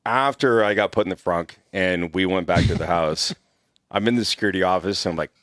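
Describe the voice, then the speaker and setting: Deep-voiced guy, ex security agent, chatty podcast yarns, lots of laughing, dead dry mic. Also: a little fast, no echo. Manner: animated, laughing, swears freely. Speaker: former executive protection agent. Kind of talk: casual podcast storytelling.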